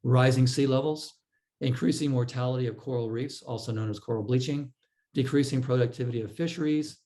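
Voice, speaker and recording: Man, lecture presenter, explains step by step, mid-pitched, stumbles and restarts as he goes. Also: fairly quick, dark tone, poor audio. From California. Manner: explanatory, with frequent fillers and restarts. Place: club meeting room.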